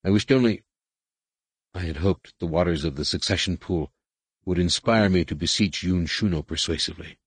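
A man's voice: deep voice, normal speed, breathy edge, no room sound. A man voicing a tense young male Jedi in disguise, speaking urgently.

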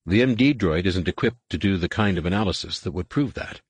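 A man's voice: sits low, lively intonation, breathy edge, dry recording. A man reading aloud and voicing a worried Jedi husband who speaks firmly and reassuringly. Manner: firm, reassuring, measured. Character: Luke, anxious male Jedi husband, firm.

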